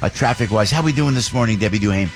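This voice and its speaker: A man hosting a morning radio show, exuberant and quick to laugh, often repeating himself. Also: on the low side, gravelly, soft background music. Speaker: radio host. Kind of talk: casual radio chat. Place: radio studio.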